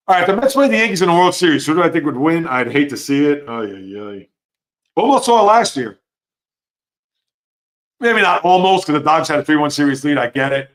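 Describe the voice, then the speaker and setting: A man hosting a live sports talk stream, reading chat comments and giving opinionated, animated reactions. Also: fairly high pitch. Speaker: sports show host.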